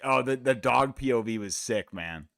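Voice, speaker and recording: A man's voice: medium pitch, expressive, normal speed, vocal fry, fairly bright tone, no room sound, clean studio sound. A man from the United States hosting a live fight watch-along stream, talking in a laid-back, rambling, profane way. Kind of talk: casual chat.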